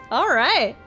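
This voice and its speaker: A woman's voice: very high voice, a bit bright. A young woman streaming a game, chatting casually and reading menu text aloud. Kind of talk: casual live-stream commentary.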